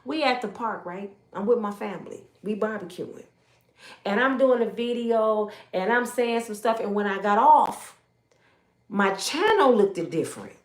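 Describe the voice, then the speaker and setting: Animated woman storyteller in her fifties. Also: on the high side, a little slow. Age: 50s. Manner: animated, acts out others' voices in quotes; shifts between loud exclamations and hushed asides. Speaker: YouTube storyteller. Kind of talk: personal testimony storytelling. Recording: roomy echo.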